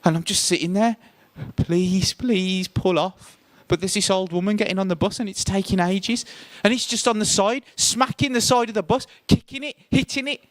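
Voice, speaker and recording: A man telling a first-person story on stage, lively and theatrical, his voice rising sharply when he acts out tense moments. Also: high voice, a little fast, few pauses, no echo. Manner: animated, voice jumps up when acting out scenes.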